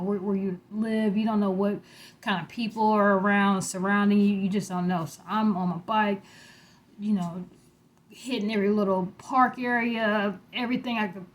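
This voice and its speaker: Young woman, casual storytelling, animated, mid-pitched voice, spooky personal tale. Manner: animated, rising in pitch and loudness when alarmed.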